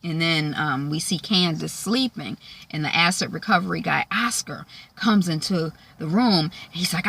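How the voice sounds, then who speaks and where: A woman recapping a TV episode in a chatty, animated way, full of fillers. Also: deep voice, normal speed, gravelly, slight background noise. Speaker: show recapper. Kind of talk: casual TV recap.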